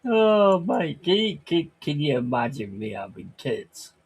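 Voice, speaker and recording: A man's voice: a little high, big pitch swings, a little slow, husky. A man chatting on a livestream, reading chat aloud and ranting crudely with lots of swearing.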